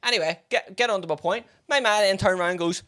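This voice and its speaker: A young woman, co-hosting a podcast and telling stories in sweary, animated casual chat. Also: mid-range voice, quick pace. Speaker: podcast co-host.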